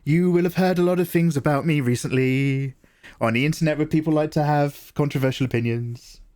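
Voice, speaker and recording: A man's voice: on the high side, fairly quick, darkish tone, lightly acted. A man mocking a smug influencer's fake apology. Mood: mock-sincere. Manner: mock-sincere, sugary.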